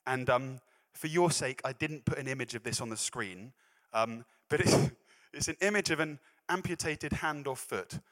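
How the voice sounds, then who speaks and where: A man's voice: mid-range voice, moderate pace, a bit bright. A man preaching a sermon, chatty and self-deprecating, breaking off into laughing asides. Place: church hall. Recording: echoey hall reverb.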